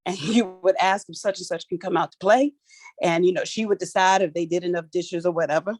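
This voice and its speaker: Speaking briskly in a fairly low voice, a middle-aged Philly woman hosts an online workshop that feels like a lively get-together, all playful chatter and loose, colloquial wording. She's on a video call using her phone for audio, so the sound is dry and close, with no room sound.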